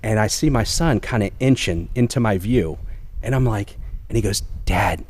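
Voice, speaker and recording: A man from Newport News, Virginia, in his forties, telling a lively story as a guest on an interview show. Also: lowish voice, normal speed. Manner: animated storyteller, laughs often, acts out voices. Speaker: assistant police chief, guest.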